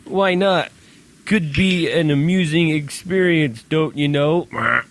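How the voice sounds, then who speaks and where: A man's voice: fairly high pitch, takes it slowly. Give me a man playing a pompous disguised bird villain with a fake posh accent and squawks. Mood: smug. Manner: hammy put-on posh accent, "meh" squawks. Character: pompous fake-British Penguin in disguise, male.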